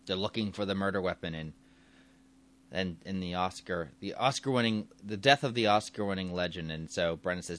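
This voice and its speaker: A man's voice: sits low, brisk, a bit bright. A man casually retelling a story, rambling and correcting himself as he goes. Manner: rambling, self-correcting, chuckling.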